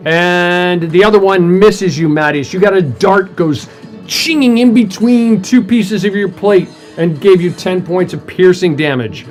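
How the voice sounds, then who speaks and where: A man serving as game master, narrating combat and voicing sound effects like "boom" and "whoosh". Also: measured pace, soft background music.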